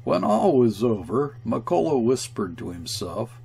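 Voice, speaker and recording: Slow, gravelly male story reader. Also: medium pitch, sing-song, slight background noise. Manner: slow, measured reading with quiet, grave delivery. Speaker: audiobook reader. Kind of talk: scripted narration of a classic story.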